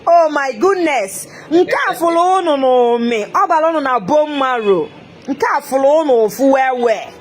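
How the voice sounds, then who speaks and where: A woman's voice: sits high, expressive, normal speed. A woman with an Igbo Nigerian accent ranting on a live stream, taunting and laughing, repeating her jabs. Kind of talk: mocking live-stream rant mixing Igbo and English.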